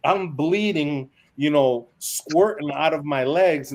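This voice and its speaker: A man's voice: fairly high pitch, normal speed. A man who is a military veteran, telling blunt, profane stories on a podcast and acting out the dialogue. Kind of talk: casual storytelling on a podcast.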